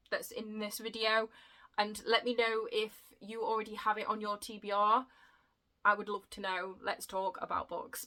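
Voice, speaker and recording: A woman in her young adult years talks to her viewers in a chatty, excitable way and laughs at her own stumbles. Her voice is bright and clear. She is a book vlogger, speaking casually to the camera. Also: mid-range voice, poor audio.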